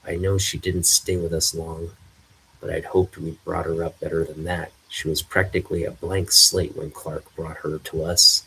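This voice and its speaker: A man's voice: sits low, level tone, moderate pace, vocal fry, pushed and bright, slight background noise, heavily acted, low-quality recording. A man voicing an indignant older male farmer with folksy grumbling, reading a comic aloud. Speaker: comic reader.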